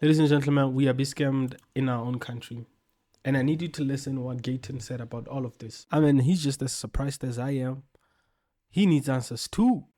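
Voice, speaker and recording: A man's voice: medium pitch, fairly quick, dark tone. A man from South Africa hosting an opinionated commentary show, talking emphatically with slangy repetition.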